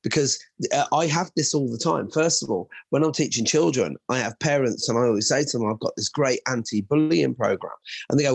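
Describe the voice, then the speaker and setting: A man who teaches martial arts, co-hosting a show and telling lively stories that he acts out in quoted voices. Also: fairly high pitch, quick pace, gravelly, breathy edge, dry recording. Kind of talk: animated podcast chat with acted-out anecdotes.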